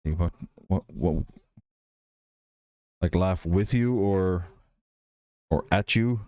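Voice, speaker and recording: A man with a softened Irish accent, chatting casually and rambling as a livestream host. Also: sits low, slow, dry recording, lo-fi sound. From Ireland. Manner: rambling, relaxed, many fillers and restarts. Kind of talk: casual chat while building and reading chat.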